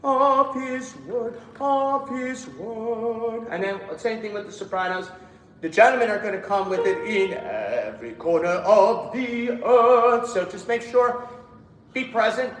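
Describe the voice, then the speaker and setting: A man's voice: high-pitched, a bit bright, reverberant, rough recording. A man leading a choir rehearsal, coaching the singers, counting them in and singing short phrases to show them. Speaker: choir director. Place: rehearsal room.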